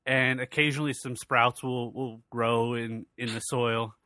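Bright, crisp-voiced male podcast host. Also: medium pitch, level tone, unhurried, no room sound. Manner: rambling, loose and profane, with many fillers. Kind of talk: casual podcast chat.

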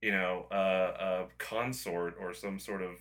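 A man's voice: sits low, steady tone, a little slow, a bit bright. A man in casual chat who rambles, restarts his sentences a lot and swears now and then.

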